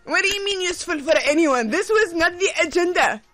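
A woman co-hosting a radio show in casual chat, playful and quick to laugh, with bursts of mock indignation. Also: extremely high pitch, lively intonation, a bit bright, no room sound, faint music behind. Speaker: radio co-host.

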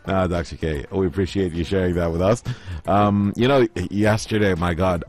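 A man from Oman co-hosts a casual podcast chat, telling stories and putting on voices to act out what people said. His voice is low and a little mellow, with fairly even intonation and a moderate pace, over soft background music.

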